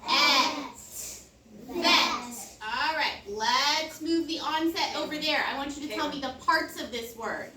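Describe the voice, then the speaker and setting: A woman's voice: high-pitched, a little slow, bright, forceful tone. A woman teacher leading a phonics lesson for a young class, prompting in a sing-song way and praising often. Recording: echoey classroom, mic far off, noisy.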